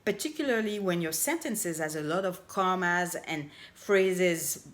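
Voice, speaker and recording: A middle-aged woman coaching on language, giving an upbeat, emphatic grammar lesson and slowly stretching out her example phrases. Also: lowish voice, lively intonation. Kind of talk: casual explainer lesson to camera.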